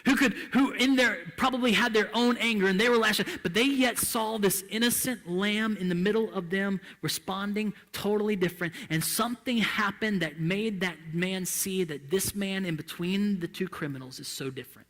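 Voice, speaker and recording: A male pastor preaching a sermon in a church, impassioned and swinging between hushed and loud delivery. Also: high voice, normal speed, hardly any pauses, long reverb tail.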